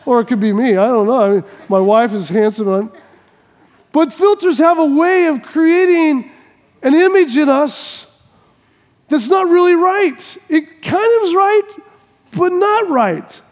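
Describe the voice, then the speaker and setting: A male pastor preaches in a loose, joking, conversational way, stumbling and restarting as he goes. His voice sits very high for a man. A long reverb from a large church hall trails after each line. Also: measured pace. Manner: conversational, stammering, humorous. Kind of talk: sermon.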